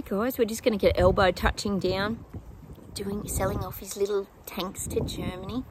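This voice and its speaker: A woman's voice: medium pitch, steady tone, moderate pace, creaky, noisy background. A woman giving psychic predictions to her viewers in a casual, chatty way, with many ums and apologetic asides.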